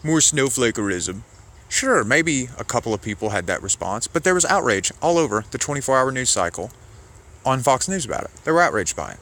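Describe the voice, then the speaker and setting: A man's voice: mid-range voice, very animated, fairly quick, fairly bright tone. A man giving casual political commentary, argumentative and sarcastic, rambling as he rebuts a clip.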